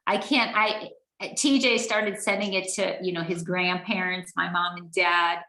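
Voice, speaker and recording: A woman's voice: on the low side, fairly even intonation, pushed and bright. Earnest woman telling a story in a roomy echo. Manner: earnest, halting with restarts. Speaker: guest speaker. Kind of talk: personal storytelling.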